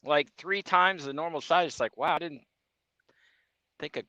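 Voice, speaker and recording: Rambling laughing trucker guest from Indiana, bright voice, dry lo-fi audio. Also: male voice, fairly high pitch, moderate pace, no room sound. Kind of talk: casual livestream chat. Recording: dull dry stream audio.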